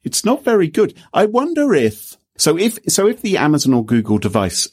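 A man's voice: fairly high pitch, huge pitch swings, normal speed, husky. A man co-hosting a casual tech podcast, with jokey, playful asides. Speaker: podcast co-host.

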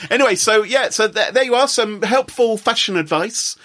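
A man's voice: sits high, pushed and bright, slight background noise. A man hosting a podcast in casual chat, teasing his co-hosts and jumping in with jokes. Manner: teasing, jokey, quick to interject. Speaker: podcast host.

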